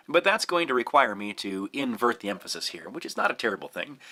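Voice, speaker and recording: A man teaching a lesson, speaking clearly and deliberately and stressing key words as he explains. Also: medium pitch, pushed and bright. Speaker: Shakespeare teacher.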